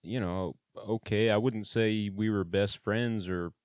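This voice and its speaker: A man's voice: lowish voice, fairly even intonation, a little slow, darkish tone, clean tone, dry recording, studio quality. A man casually telling his own story in a blunt, plain-spoken way, with swearing and slang.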